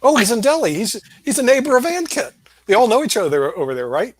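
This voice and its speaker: A man's voice: very high-pitched, big pitch swings, fast talker, husky, no room sound. Jokey chatty male live-show host. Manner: jokey, chatty, laughing between lines. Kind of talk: casual live show banter. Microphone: live stream video call.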